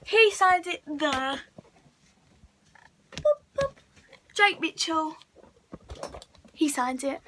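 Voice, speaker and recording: A teenage girl tells her fan story to camera in a high voice. She gushes breathlessly and fills her talk with "like". Her tone is bright and sharp. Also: takes it slowly, long pauses, a little hiss or hum, rough recording. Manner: gushing, breathless storytelling with many likes. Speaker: vlogger. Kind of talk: excited fan story vlog.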